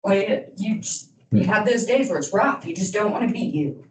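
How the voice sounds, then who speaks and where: A woman's voice: medium pitch, lively intonation, normal speed. A woman in her thirties giving a candid, rambling motivational talk to young people as an alumni speaker, full of "you know" asides. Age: 30s. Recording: echoey room from far off, faint noise.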